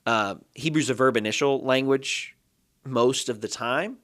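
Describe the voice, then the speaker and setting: A man's voice: medium pitch, unhurried, fairly bright tone. A man who teaches Hebrew, a guest on a podcast, explaining his ideas thoughtfully and building them up step by step. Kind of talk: explanatory interview talk.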